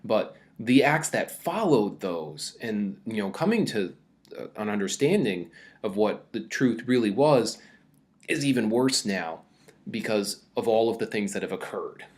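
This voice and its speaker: Low-voiced male teacher lecturing casually. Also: lively intonation, measured pace. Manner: conversational, many fillers, reads quoted passages aloud with more energy. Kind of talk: casual recorded mini-lecture.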